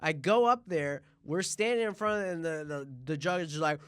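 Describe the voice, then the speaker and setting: A man's voice: fairly high pitch, moderate pace, clean tone, no echo, clean studio sound. A man hosting a podcast, telling a comic story and acting out the people in it. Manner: animated, acts out voices in anecdotes. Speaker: podcast host. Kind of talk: comedic storytelling.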